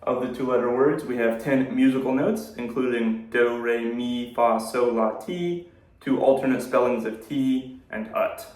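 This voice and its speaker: Slow, dry man in an echoey room. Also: mid-range voice, a little mellow. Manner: dry, jokey asides between slow definitions. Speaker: video host. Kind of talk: casual explainer reading a word list.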